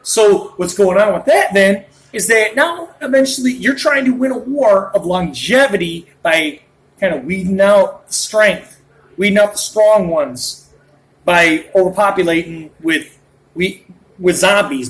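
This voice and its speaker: A man's voice: sits high, a bit bright, low-quality recording. A man in his late thirties delivering a ranting monologue, worked up and jumping from point to point as he talks. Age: late 30s. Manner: worked up, rambling, jumps between points.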